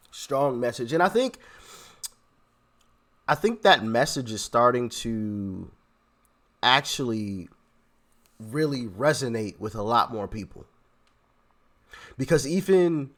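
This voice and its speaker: A man with a mid-range voice hosts casual reaction commentary for his viewers. He is animated and conversational, and he often restarts phrases as he works out his point. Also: medium pitch. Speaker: commentary channel host.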